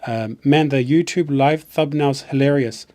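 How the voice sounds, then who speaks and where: A man's voice: mid-range voice, measured pace, a little mellow. A man from New Zealand with a New Zealand accent, chatting casually on a live stream in a rambling way and often restarting his sentences.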